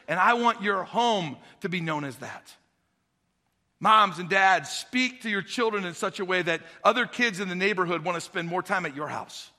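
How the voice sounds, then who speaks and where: High, bright-voiced preacher man in a hall. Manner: dynamic, swings from quiet asides to shouted exhortation. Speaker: pastor. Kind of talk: sermon.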